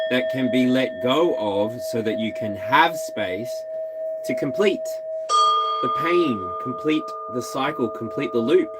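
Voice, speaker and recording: A man's voice: medium pitch, background noise. Musing Australian man reading tarot. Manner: musing, tentative, talks to signs directly. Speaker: tarot reader.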